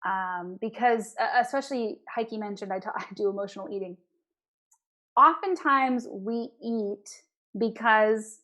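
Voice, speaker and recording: A woman dietitian, a guest in a casual interview, who talks with quick bursts of enthusiasm. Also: fairly high pitch, fairly bright tone.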